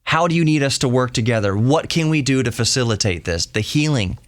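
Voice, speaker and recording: A man's voice: mid-range voice, expressive, fairly quick, no echo, studio quality. A man hosting a podcast, talking in an earnest and heated solo monologue, often repeating and restarting his phrases. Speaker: podcast host.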